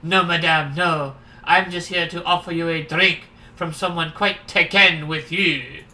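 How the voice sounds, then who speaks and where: A streamer voicing a polite male vampire bartender with a put-on French accent, slow and formal. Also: medium pitch, fairly even intonation, pushed and bright. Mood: courtly. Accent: fake French. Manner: courteous, formal and measured. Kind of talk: game dialogue read aloud by a streamer.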